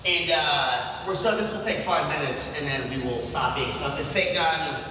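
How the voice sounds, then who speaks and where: A man's voice: fairly high pitch, moderate pace, sharp tone, a little hiss or hum. A man in a clip, explaining to a neighbor that they are filming a sketch. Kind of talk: improvised sketch acting in a hallway clip. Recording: echoey hallway clip from a distance.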